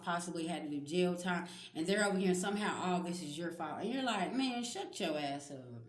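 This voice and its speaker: A woman's voice: fairly low pitch, reverberant. Blunt, cussing woman giving a spiritual reading. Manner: blunt, profane and emphatic, talks straight to viewers. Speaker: spiritual reader. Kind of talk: casual spiritual reading to viewers.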